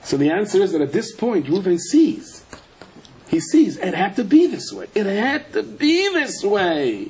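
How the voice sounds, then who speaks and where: A rabbi teaches a Torah class, weaving in stories and jokes and rising into loud, high-pitched bursts of emphasis. The recording quality is rough.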